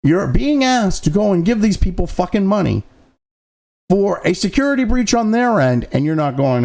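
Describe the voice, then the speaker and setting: Gravelly, profane man ranting about the news. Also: high voice, big pitch swings, moderate pace, darkish tone. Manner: profane, sarcastic, exasperated; mocking asides between read-out passages. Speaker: host of a commentary show. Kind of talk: ranting news commentary, reading article excerpts.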